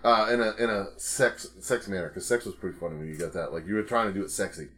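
A man co-hosting a podcast, loud and animated, swearing and egging his friends on. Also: sits low, quick pace. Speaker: podcast co-host. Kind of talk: crude casual banter.

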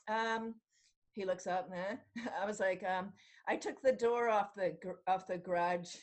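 A middle-aged woman from Canada, a podcast guest telling stories in casual conversation, animated and often laughing as she acts out what people said. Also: medium pitch, measured pace. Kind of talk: casual storytelling in an interview.

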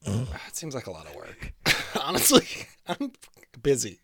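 A man co-hosting a podcast in casual chat, joking and self-mocking with quick asides. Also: mid-range voice, huge pitch swings, bright, forceful tone. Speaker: podcast co-host.

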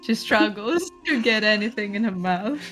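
A woman's voice: medium pitch, lively intonation, moderate pace, fairly bright tone, faint music behind. A woman narrating a tabletop horror game as game master, describing scenes and often laughing.

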